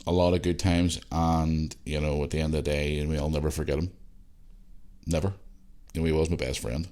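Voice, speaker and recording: A Northern Irish man talks through a casual solo podcast in a very low, deep voice. He rambles, circles back to repeat himself and swears freely. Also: level tone, a little fast, dark tone. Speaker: podcast host.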